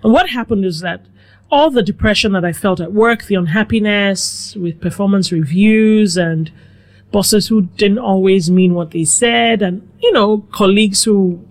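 A middle-aged woman from Nigeria, a guest telling her life story in a relaxed, reflective way. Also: medium pitch, normal speed. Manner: reflective, animated with quoted asides. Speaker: guest, food blogger. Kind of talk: conversational storytelling.

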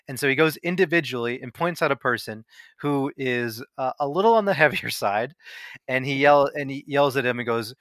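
A man hosts a casual talk show with a bright, forceful voice. He retells scenes animatedly, breaking into laughs. The sound is close and dry. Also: medium pitch, a little fast, dry recording. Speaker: podcast host. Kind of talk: casual film discussion.

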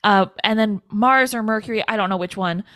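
A woman's voice: mid-range voice, a little fast, fairly bright tone, no echo, studio quality. A woman co-hosting a podcast, giving a playful, casual recap of a horror film's plot. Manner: playful and laughs easily, walks through plot beats. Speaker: podcast co-host.

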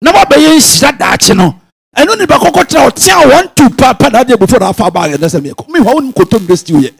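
A man with a Ghanaian accent preaching a sermon, swinging from quiet musing to sudden shouted bursts. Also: extremely high pitch, big pitch swings, fast talker, creaky, slightly rough. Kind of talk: sermon mixing Twi and English.

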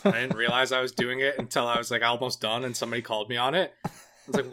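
Bright, animated swearing podcast man. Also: medium pitch, racing. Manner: animated, profane, jokey. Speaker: podcast host. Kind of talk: casual podcast chat.

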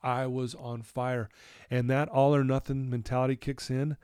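A man's voice: mid-range voice, flat delivery, normal speed, a little mellow, clean tone, no room sound, clean studio sound. A man, a recovery counselor, telling a personal story candidly and with feeling, in his office. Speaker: addiction recovery counselor, guest.

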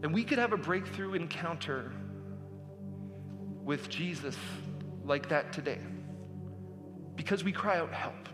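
A man's voice: on the high side, expressive, unhurried, pauses often, long reverb tail, over music. A man preaching a sermon as pastor, earnest and building to emphatic appeals.

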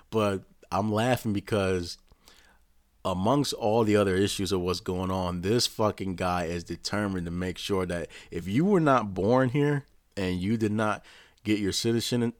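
A man's voice: low-pitched, fairly even intonation, normal speed, no echo, clean studio sound. A man ranting casually in a rambling, profane way, often restarting his sentences. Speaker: vlogger. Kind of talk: casual rant to camera.

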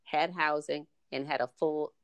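A middle-aged woman appearing as a podcast guest tells stories in a relaxed conversation, voicing the people she quotes. Her voice sits low with a steady tone, and she takes her time. The recording is dry.

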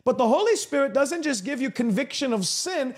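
Male broadcast preacher, very high, lively pitch, emphatic and repetitive. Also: a little fast. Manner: emphatic, repetitive preaching cadence with stretched-out phrases. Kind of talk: broadcast sermon.

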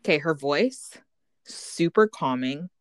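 A woman's voice: low voice, takes it slowly, dry recording. A woman in her thirties who grew up in Canada, chatting casually as a podcast co-host and telling stories animatedly. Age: 30s. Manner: animated storytelling, acts out quoted voices, laughs often. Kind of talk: casual chat.

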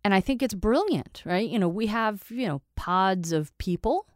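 A woman's voice: medium pitch, animated, normal speed, dry recording, studio quality. A middle-aged woman hosting a casual solo monologue, candid and playful, with chatty asides.

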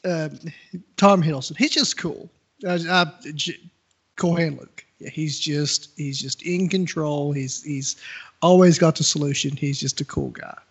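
A man co-hosting a podcast in casual chat, enthusiastic and quick to laugh. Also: on the high side, slightly rough. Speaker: podcast co-host. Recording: dull lo-fi recording.

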